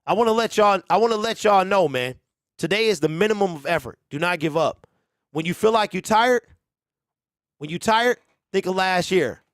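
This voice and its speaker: A man's voice: high-pitched, animated, normal speed, a bit bright, no room sound, pitched above the performer's own voice. A man acting out a grown male football player giving an emotional, urgent pep talk to teammates. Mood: fired up.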